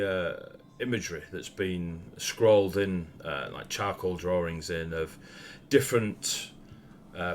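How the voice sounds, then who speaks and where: A young man with a Northern English accent, narrating a tabletop game as game master in a laid-back, rambling way and laughing often. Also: low voice.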